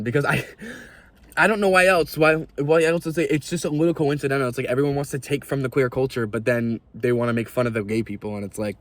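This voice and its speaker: A young man ranting to camera in a vlog, animated and exasperated, swearing freely. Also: mid-range voice, no room sound. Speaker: video creator.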